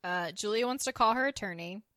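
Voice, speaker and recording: Woman podcast co-host, animated, plays every character's lines, dry booth. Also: mid-range voice, brisk, no room sound. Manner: animated, acts out quoted characters with laughter. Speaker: podcast co-host recapping a TV episode. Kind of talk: casual chat.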